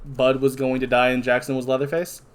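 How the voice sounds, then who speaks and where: A man's voice: medium pitch, flat delivery, brisk, clear, resonant tone. A young man co-hosting a casual podcast, recapping a horror film plot in a rambling way with many fillers. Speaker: podcast co-host. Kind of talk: casual movie review chat.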